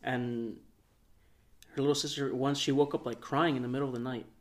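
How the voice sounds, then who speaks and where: A young man with a middle-pitched voice spins out a long anecdote on a podcast. He talks in a relaxed, meandering way, full of fillers and small restarts. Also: a little fast. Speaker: podcast co-host. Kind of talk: casual storytelling.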